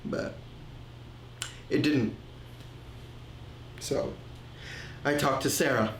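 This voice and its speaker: An actor playing a remorseful man confessing his drinking and insecurity, telling it slowly and haltingly in a film monologue. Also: medium pitch, steady tone, slight background noise. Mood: reflective. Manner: slow, halting, reflective storytelling. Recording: roomy echo.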